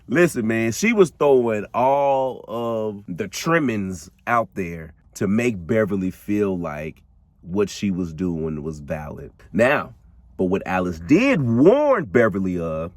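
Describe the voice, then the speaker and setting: A man's voice: fairly low pitch, slow, no echo, clean studio sound. A man hosting a podcast, telling a true crime story in a casual, slangy way, laughing and talking straight to his listeners. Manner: animated, slangy, laughs often, addresses listeners directly. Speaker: podcast host.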